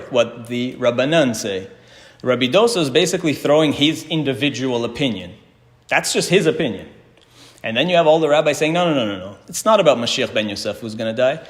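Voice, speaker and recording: A man teaching a Talmud class, reading Hebrew and Aramaic passages aloud and explaining each one in English while putting questions to his students. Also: medium pitch. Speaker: Torah teacher. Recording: reverberant hall.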